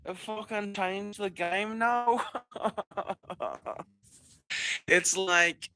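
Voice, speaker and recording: A man's voice: high-pitched, steady tone, very slow, pushed and bright, rough recording. A man hosting a rambling solo podcast monologue, profane and mocking, breaking into laughs and filling gaps with ums and restarts. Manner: profane, sarcastic, mocking, laughs mid-sentence; many fillers and restarts. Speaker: podcast host.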